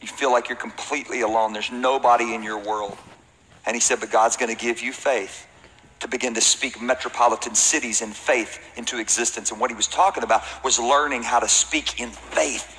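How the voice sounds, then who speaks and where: Bright-voiced male pastor preaching in a hall. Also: medium pitch, a little hiss or hum. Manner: preaching with rising, emphatic peaks. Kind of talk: sermon. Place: large hall with congregation. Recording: reverberant hall.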